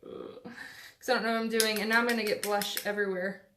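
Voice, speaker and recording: A woman's voice: mid-range voice, level tone, quick pace, noisy background. A woman chatting through a casual makeup tutorial, rambling and self-deprecating with lots of fillers, recorded on a phone at home. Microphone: phone camera.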